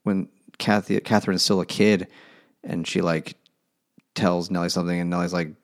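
A man's voice: low voice, level tone, moderate pace. A man in casual book talk, rambling and sarcastic, mocking characters as he goes. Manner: rambling, sarcastic, mocks characters in silly voices.

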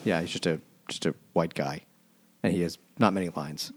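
A man co-hosting a casual podcast, tossing off deadpan wisecracks. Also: deep voice, moderate pace. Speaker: podcast co-host. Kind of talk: casual chat.

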